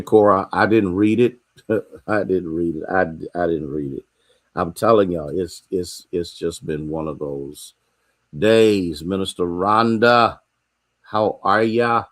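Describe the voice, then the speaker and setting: An American pastor with a very low voice leads a midweek sermon online. He talks in a folksy, conversational way and greets his viewers one by one as he goes. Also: breathy edge.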